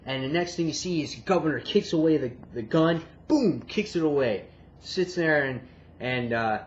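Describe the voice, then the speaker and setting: An excitable man recaps a comic and reviews it, swearing and acting out his reactions. His voice sits a bit high, and the lo-fi recording sounds dull with a faint hiss behind it. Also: moderate pace. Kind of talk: casual retelling and review.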